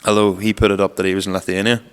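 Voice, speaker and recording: Guy rambling on a podcast, lowish smooth voice, bit of reverb. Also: level tone, rapid-fire. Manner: rambling storyteller, lots of "like" fillers. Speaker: podcast co-host. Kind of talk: casual chat.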